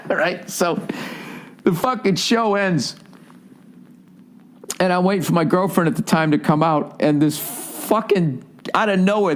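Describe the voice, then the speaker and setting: Profane, rambling man on a podcast. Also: fairly high pitch. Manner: rambling, profane storytelling with frequent swearing and "right?" asides. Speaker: comedian hosting his podcast. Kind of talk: casual podcast monologue.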